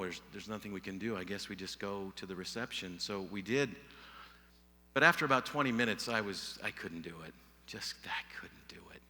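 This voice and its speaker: A middle-aged man speaking at a conference, telling a personal story in an earnest way that sinks to a hush at sad points. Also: on the low side. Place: large hall before a live audience. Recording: long hall reverb.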